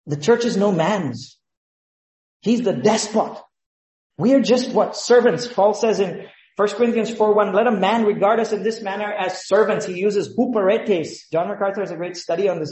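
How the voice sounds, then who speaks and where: A man's voice: sits high, darkish tone, echoey room, poor audio. A man, a pastor, preaching a sermon with emphatic rhetorical questions.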